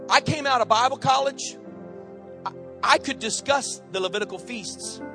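A man's voice: very high-pitched, normal speed, music in the background. A male pastor preaching a sermon with passion and conversational humor.

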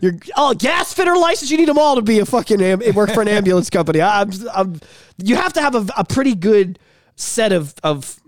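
A man's voice: high voice, lively intonation, a little fast, dry recording, clean studio sound. A man co-hosting a podcast in casual chat, a profane storyteller who acts out the voices of people in his stories. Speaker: podcast co-host.

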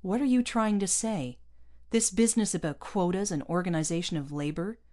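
Calm terse colony leader, low-ish, read by a woman. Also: a little fast, close to an everyday voice. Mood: tense. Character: steady male colony leader, calm then tight.

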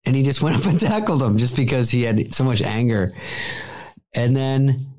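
A man's voice: mid-range voice, moderate pace, a little mellow. A man telling an anecdote in an interview clip, profane and acting out the quoted lines.

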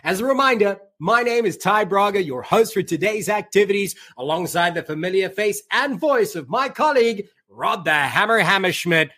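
A man's voice: high-pitched, animated, normal speed, hardly any pauses, pushed and bright. A man hosting a rugby podcast, introducing a guest in an upbeat, showman-like announcer manner. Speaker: podcast host. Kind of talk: announcer-style interview intro.

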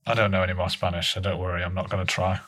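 A man co-hosts a comedy podcast with deadpan, mock-serious banter. His voice sits a little low. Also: racing. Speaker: podcast co-host.

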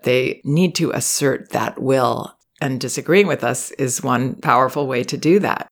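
A woman hosting an advice podcast, reading a listener's letter aloud and then explaining in a measured, gentle way. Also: extremely low pitch. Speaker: podcast host and parenting advisor.

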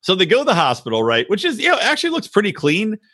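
A man's voice: high voice, huge pitch swings, rapid-fire, pushed and bright, breathy edge. A man co-hosting a reality-TV podcast, chatting casually, laughing a lot and acting out quotes in silly voices. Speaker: podcast co-host. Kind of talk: casual chat.

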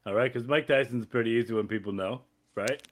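A man's voice: mid-range voice, quick pace. A man hosting a casual podcast chat, goofy and prone to laughing. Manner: laughs a lot, goofy and animated. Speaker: podcast host.

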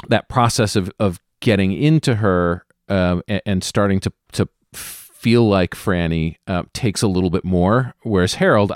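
A man with a very low voice talks in a relaxed, hesitant way, full of ums and restarted phrases. He speaks as a player on a casual gaming podcast. The sound is close and dry. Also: dry recording. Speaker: tabletop game player.

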